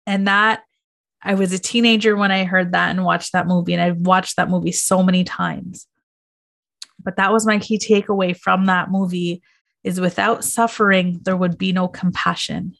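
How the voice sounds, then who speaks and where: A woman's voice: on the low side, steady tone, moderate pace, gravelly, fairly bright tone. A woman guest on a podcast, speaking in a reflective, thoughtful way. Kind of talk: casual podcast conversation.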